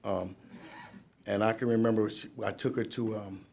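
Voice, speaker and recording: A man's voice: lowish voice, little pitch movement, normal speed, gravelly, darkish tone. A man in his fifties giving a rambling, conversational recovery testimony at a courtroom ceremony, laughing at himself as he goes. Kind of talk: personal recovery testimony to an audience.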